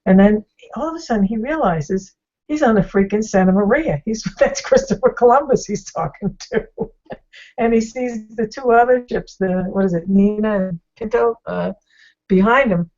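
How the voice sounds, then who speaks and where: A woman's voice: medium pitch, moderate pace, a little mellow. Woman host, chatty storyteller, ums and restarts throughout, slightly dull video-call sound. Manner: rambling, with many fillers and restarts. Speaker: discussion host. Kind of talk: casual storytelling retelling.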